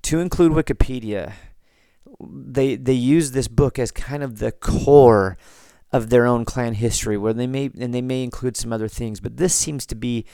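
An American man hosting a podcast, reading listener comments and chatting in a relaxed, rambling way with frequent restarts. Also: mid-range voice, normal speed, creaky, clean tone, no room sound, studio quality. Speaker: podcast host.

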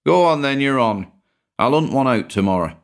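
A man voicing a lively, easily tempted older pensioner with a British accent, eager and chirpy. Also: medium pitch, normal speed, pitched above the performer's own voice, natural voice. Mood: eager amused.

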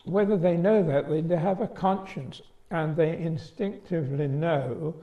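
A man delivering a sermon in a measured, deliberate way, telling a story to make his point. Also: a little high. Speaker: preacher. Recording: dull lo-fi sermon recording.

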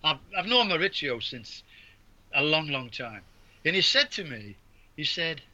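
Bright-voiced English ex-referee telling stories. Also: male voice, a little high, big pitch swings, a little slow. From England. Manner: rambling anecdotes with restarts and laughs. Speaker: guest, former basketball referee. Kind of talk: storytelling in an interview. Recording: dull lo-fi audio.

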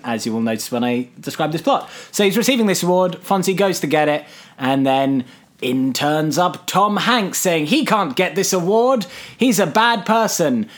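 A man co-hosting a casual podcast, rambling and laughing often. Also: fairly high pitch. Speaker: podcast co-host. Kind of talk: casual chat reviewing a sitcom episode.

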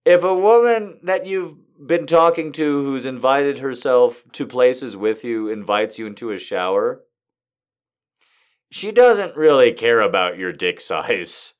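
A man reading a story aloud in a hushed voice and breaking off for rambling, laughing comic commentary. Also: mid-range voice, lively intonation, a little slow. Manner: rambling, laughs a lot, mock-exasperated. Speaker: reader and commentator.

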